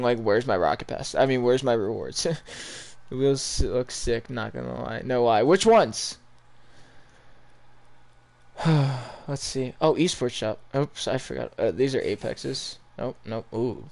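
A man's voice: medium pitch, vocal fry. A young man chatting casually over his gameplay, rambling and talking straight to his viewers. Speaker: gaming YouTuber.

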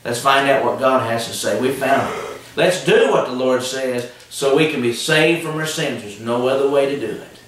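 A man's voice: medium pitch, moderate pace, a bit bright, very echoey, far from the mic, rough recording. A man preaching a sermon, emphatic and repetitive, asking the listeners questions. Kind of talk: televised sermon.

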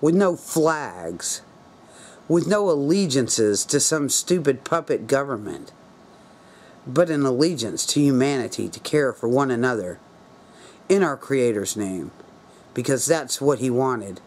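A man's voice: medium pitch, lively intonation, unhurried, a little mellow. A man talking to camera in an angry, preachy rant, urging viewers to act. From United States. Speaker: video blogger. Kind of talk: impassioned political rant to camera.

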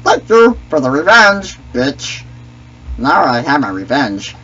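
A man's voice: on the high side, sing-song, slow, sharp tone, slightly rough, highs cut off, voice pushed down, heavily acted. A young man voicing a goofy, clumsy male alien sidekick in a squawky, cracked voice with broken grammar, taunting other players. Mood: gloating. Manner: taunting, trash-talking.

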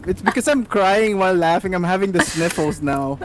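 A woman hosting a casual co-op gaming stream, laughing a lot and repeating words in quick bursts. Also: lowish voice, a crowd in the background. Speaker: streamer host.

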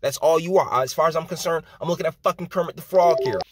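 A man's voice: on the high side, fast, very noisy. Heated, profane male commentator. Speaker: commentary channel host. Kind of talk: ranting political commentary.

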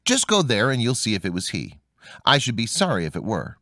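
A man's voice: mid-range voice, huge pitch swings, a little fast, bright, forceful tone, no room sound, clean studio sound, full character voice. A man voicing a simple, fearless young man who speaks plainly, stubborn and earnest, in a storybook reading. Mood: matter-of-fact.

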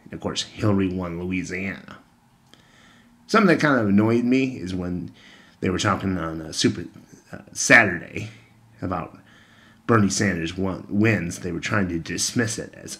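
A young man talks straight to the camera in a casual rant. His voice sits a little low. He is blunt and sarcastic and swears freely. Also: normal speed, a bit bright. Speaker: political commentator.

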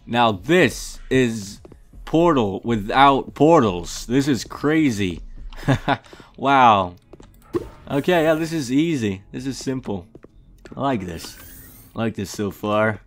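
A man's voice: mid-range voice, lively intonation, slow, faint music behind. A young man giving comedic, mock-arrogant gameplay commentary, brash and swearing often. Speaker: gaming youtuber.

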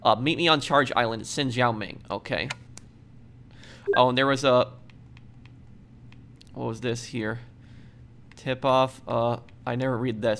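A man's voice: medium pitch, steady tone, unhurried, long pauses, fairly bright tone, a little hiss or hum. A man giving casual let's play commentary. He is chatty, reads in-game messages aloud and uses a lot of fillers.

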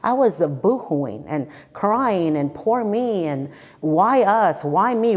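A woman's voice: mid-range voice, very animated, takes it slowly, long reverb tail, highs cut off. A woman in her fifties giving an emotional personal testimony, earnest and repeating phrases for emphasis. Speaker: church speaker sharing her testimony.

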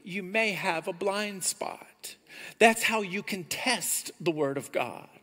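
A man preaching a sermon as pastor of a church, animated and climbing loud on his key points. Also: high-pitched, long reverb tail. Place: church sanctuary.

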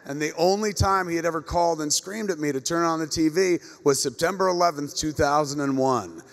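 A man's voice: fairly high pitch, fairly quick, creaky. A middle-aged man moderating a convention panel, telling rambling, profane comic anecdotes to a live audience on stage. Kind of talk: comedic storytelling to a live audience. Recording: echoey convention hall with long reverb.

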